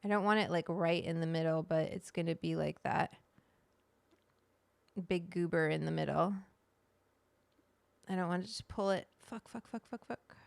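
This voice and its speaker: A woman's voice: on the low side, moderate pace, creaky, pauses often, no echo. A woman hosting a livestream, chatting casually, greeting viewers by name and swearing freely. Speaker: livestream host.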